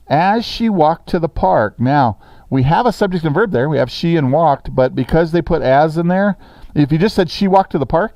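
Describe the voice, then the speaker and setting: A man's voice: fairly high pitch, mellow, no room sound. A man teaching a sixth grade grammar lesson in a classroom, talking casually and checking in with the students often.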